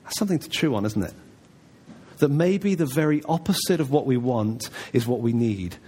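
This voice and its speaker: A man's voice: medium pitch, animated, normal speed, husky. A man preaching a sermon in a church, talking in a conversational, emphatic way. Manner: conversational, emphatic, voices God's replies softly.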